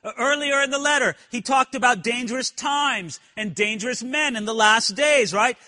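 An earnest male pastor preaching from the pulpit, his voice high and bright with a forceful edge. He keeps asking the congregation questions as he teaches. The sound hangs in a long, reverberant church hall. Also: normal speed. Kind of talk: sermon. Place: church sanctuary.

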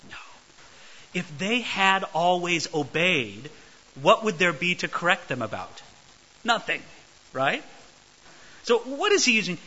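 Male pastor preaching, high and very lively voice, bright tense tone, dull lo-fi sound. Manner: animated, emphatic, acts out quoted voices. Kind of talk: expository sermon. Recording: dull lo-fi recording.

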